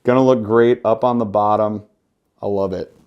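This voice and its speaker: A man hosting a fishing channel, chatting casually and excitedly as he reviews lures, full of slang and jokes. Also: lowish voice, moderate pace, clear, resonant tone, muffled recording. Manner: enthusiastic, slangy, joking.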